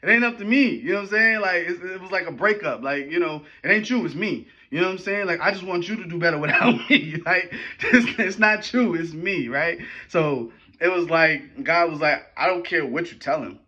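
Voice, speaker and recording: A man hosting a podcast tells a personal story in a loose, slangy, animated way, often asking his listeners if they follow him. His voice is bright and forceful at a middle pitch. The recording sounds a little dull and lo-fi. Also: fairly quick, few pauses. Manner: animated, slangy, rambling with frequent "right?" and "you know what I'm saying". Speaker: podcast host. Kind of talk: casual storytelling talk.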